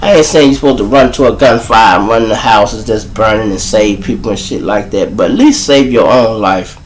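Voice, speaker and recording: A man's voice: on the low side, normal speed, soft background music, low-quality recording. A man with a Chicago accent hosting a live show, telling blunt, profane stories straight to his viewers. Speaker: livestream show host. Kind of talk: casual live monologue.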